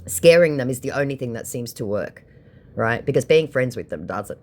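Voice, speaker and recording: A woman sarcastically recounting a chat with a scammer, mocking and animated as she acts out both sides. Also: very deep voice, normal speed. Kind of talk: sarcastic storytelling.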